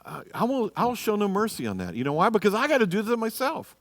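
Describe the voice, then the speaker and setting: A man's voice: high-pitched, wildly swooping pitch, fast, big-room sound. A man teaching a church marriage class, blunt and exhorting, often checking in with "you know" and "okay?". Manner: acts out quoted people in a raised voice.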